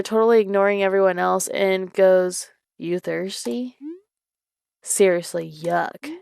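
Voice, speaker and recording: A woman's voice: mid-range voice, smooth, no room sound, clean studio sound. A young woman reading creepy stories aloud, breaking off for casual, giggly asides full of filler words. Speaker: story reader.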